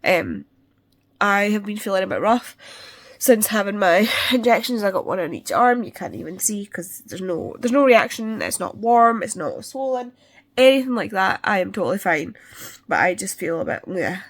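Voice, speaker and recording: A woman talks in a loose, rambling way, full of fillers and restarts. Her voice is going and she sounds stuffed up. She chats casually to her viewers at a middling pitch. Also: lively intonation, moderate pace. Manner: rambling, chatty, with many fillers. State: losing her voice, congested. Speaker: book vlogger. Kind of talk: casual chat. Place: parked car, then at home.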